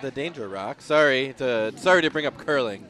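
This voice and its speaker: A man commenting on a livestream with quick wisecracks. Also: medium pitch, expressive, bright, forceful tone. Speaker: curling commentator. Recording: noisy background.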